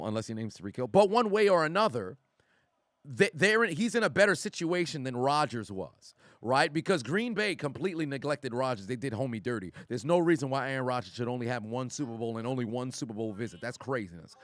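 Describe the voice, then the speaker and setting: A man hosting a live stream in a loose, profane, excitable manner as he reads out chat messages. His pitch sits in a middle range, and the sound is dry and close, with no room echo.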